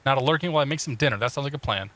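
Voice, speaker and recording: Bright-voiced man streaming a flight sim. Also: mid-range voice, racing. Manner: chatty, joking, reading out chat while working through cockpit checklists. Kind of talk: casual live-stream commentary.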